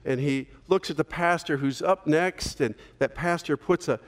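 A man preaching a sermon as pastor, telling a story in a relaxed conversational way with small fillers. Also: a little high, normal speed, in a large hall.

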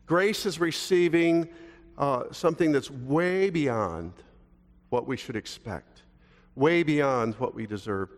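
Casting note: older male preacher, chatty and folksy, middle pitch, long hall reverb. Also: takes it slowly. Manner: conversational and folksy, asks the congregation questions. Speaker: pastor. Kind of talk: sermon.

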